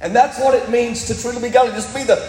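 A male pastor preaching with a strikingly high voice. His sermon rings through an echoey church hall with a long reverb tail, and he builds to loud emphatic peaks as he quotes scripture. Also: fairly even intonation, quick pace. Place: church sanctuary.

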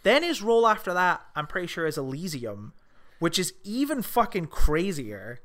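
A man co-hosting a casual film podcast, rambling and excitable, swearing often as he talks. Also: sits high, normal speed. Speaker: podcast co-host.

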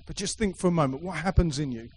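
A man's voice: a little high, fast, darkish tone, a little hiss or hum, low-quality recording. A middle-aged man preaching a sermon to a congregation, emphatic and repetitive, with playful asides. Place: church hall with a live congregation.

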